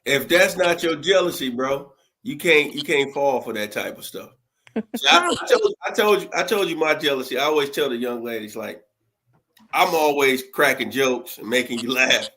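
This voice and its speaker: A man's voice: medium pitch, expressive, moderate pace, bright, forceful tone. A man on a talk panel, joking in emphatic, slangy casual speech. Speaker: guest co-host.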